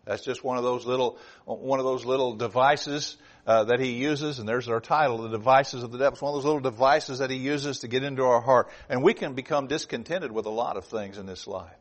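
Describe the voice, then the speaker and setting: A man preaching a sermon, moving between loud emphasis and low, hushed asides. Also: a little fast, hardly any pauses. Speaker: pastor.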